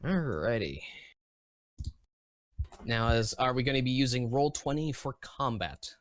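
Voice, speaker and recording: A man running a tabletop game as game master, talking in an unhurried, searching way with many fillers and restarts. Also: medium pitch, animated.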